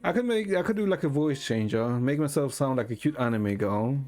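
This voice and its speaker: A man streaming and chatting casually with a deadpan manner, swearing often. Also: mid-range voice, a little fast.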